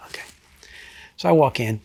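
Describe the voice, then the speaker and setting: A retired state trooper from New Jersey, middle-aged, recounts a case during an interview, speaking bluntly with plenty of profanity. He goes low and quiet to stress points, talking at normal speed in a male voice with no echo.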